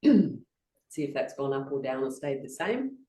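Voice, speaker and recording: A woman's voice: very deep voice, big pitch swings, unhurried, mellow. Brief: woman, laughter yoga instructor, playful and encouraging, video call, distant mic in a roomy room. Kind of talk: guided laughter yoga session.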